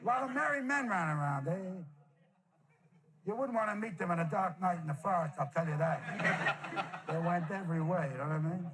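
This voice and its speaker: A man's voice: high voice, fairly quick, long pauses, noisy background, close to an everyday voice. A comedian playing an ancient, bragging two-thousand-year-old man who rambles and kvetches, answering audience questions. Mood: kvetchy. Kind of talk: improvised comedy character Q&A.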